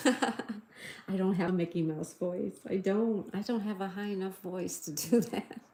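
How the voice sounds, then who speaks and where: A middle-aged woman hosts a casual livestream, chatting, giggling and reading out viewers' chat messages. Her voice is medium-pitched, unhurried and a little mellow, heard in an echoey room.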